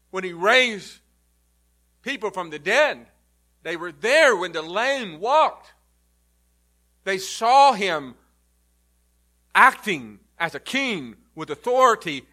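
A male pastor preaching a sermon, emphatic, rising loud and then dropping to a low, quiet delivery.

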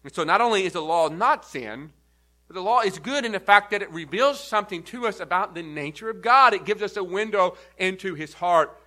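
A pastor delivering an earnest sermon, teaching step by step and leaning hard on key words. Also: male voice, sits high, lively intonation, fairly quick, bright, forceful tone. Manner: earnest, emphatic teaching with repeated stresses. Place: church.

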